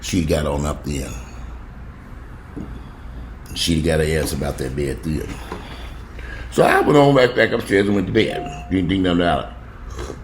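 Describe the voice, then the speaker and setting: A man's voice: expressive, a little slow, long pauses, a little hiss or hum. A man in an angry, profane rant at home, heated and swearing. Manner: heated, swearing, pitch jumping up when outraged. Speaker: vlogger. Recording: echoey room with faint ambience.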